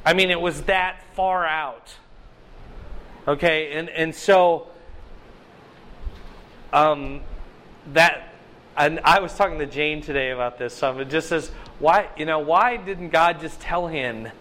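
Man, high voice, bible study leader, conversational, quizzes the group. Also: bright, forceful tone. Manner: chatty, asks the group questions.

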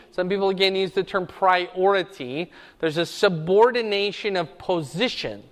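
Male Bible teacher, clear resonant voice, keeps checking in with the class. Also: high-pitched, a bit bright, long reverb tail.

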